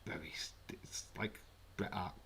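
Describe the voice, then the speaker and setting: A man's voice: measured pace, fairly bright tone, whispered. A man hosting a live wrestling watch-along, chatting casually with sarcastic, rambling asides.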